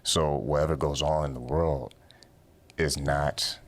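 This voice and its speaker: Casting note: man, very low and monotone voice, earnest encouraging guest. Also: measured pace. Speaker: radio show host guest. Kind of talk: conversational podcast interview.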